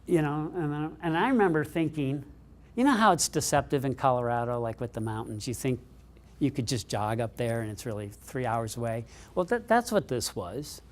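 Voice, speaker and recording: This keynote speaker, a middle-aged man, recounts a story animatedly, and his pitch lifts whenever he gets excited.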